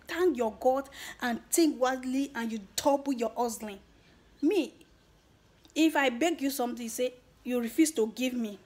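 A woman's voice: fairly high pitch, darkish tone, slightly rough. A woman with a Nigerian accent giving her viewers an earnest motivational talk, slipping into Pidgin phrases. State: emotional, near tears at the end. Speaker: YouTuber.

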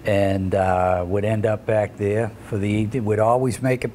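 A man's voice: on the low side, flat delivery, moderate pace, a little mellow, a little hiss or hum. An older man, a retired wrestler telling rambling road stories in a shoot interview, full of fillers and chuckles.

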